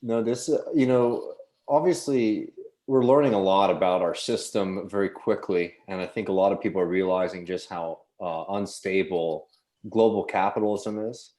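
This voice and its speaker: A man giving an explanatory commentary segment on a talk show, steady and full of fillers. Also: low-pitched, normal speed. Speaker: economics segment contributor.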